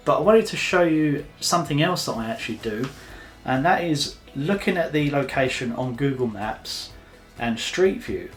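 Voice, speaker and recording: A man giving a casual photography tutorial to camera, chatty and loose, with plenty of fillers and restarts. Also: a little high. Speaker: photography vlogger.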